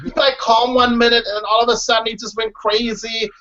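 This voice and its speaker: A man's voice: extremely high pitch, little pitch movement, brisk, pushed and bright. A man, a guest in a casual interview, talking emphatically and often saying "listen" and "you know what I mean.". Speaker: guest, former reality show contestant. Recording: dull lo-fi recording.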